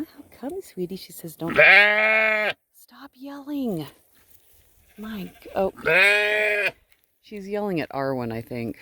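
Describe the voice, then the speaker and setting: Woman, sheep farmer, chatty, lively swooping voice, sing-song coos, outdoors, faint bleats behind. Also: mid-range voice, slight background noise. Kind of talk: casual outdoor vlog. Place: outdoors by a pasture.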